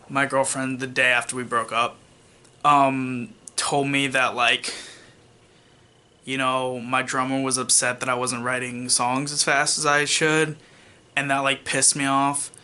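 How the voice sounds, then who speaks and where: A man's voice: mid-range voice, pushed and bright, clean tone. Young man rambling through a personal story. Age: young adult. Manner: rambling, with many fillers and restarts; wry, self-mocking asides. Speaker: vlogger.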